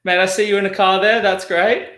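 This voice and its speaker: A man's voice: sits high, fairly even intonation, brisk, fairly bright tone, reverberant. A man hosting a rum tasting over a video call, chatty and friendly, with many restarts. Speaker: host.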